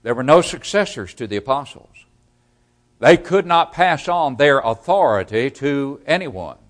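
A male preacher delivering a sermon in an emphatic pulpit style. He leans hard on key words, then drops to a low, quiet close. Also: expressive, unhurried. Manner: emphatic, swings between loud stress and quiet drops.

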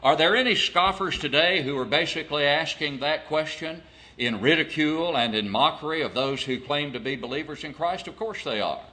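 A man preaching an expository sermon, reading scripture and explaining it in a deliberate way, with rhetorical questions to the congregation. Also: fairly high pitch, sharp tone.

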